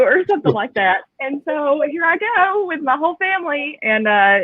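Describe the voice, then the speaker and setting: A woman's voice: high-pitched, lively intonation, fairly quick, hardly any pauses, no echo. Bubbly woman over tinny call audio. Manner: enthusiastic, chatty, laughs often. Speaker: guest collector. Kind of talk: casual interview chat.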